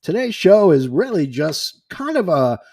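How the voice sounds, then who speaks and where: An upbeat, chatty man from Boston hosting a podcast. His voice sits a bit high, and he reads listener messages aloud in a relaxed, friendly way. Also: a little slow, husky, no echo, studio quality. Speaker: podcast host. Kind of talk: casual chat.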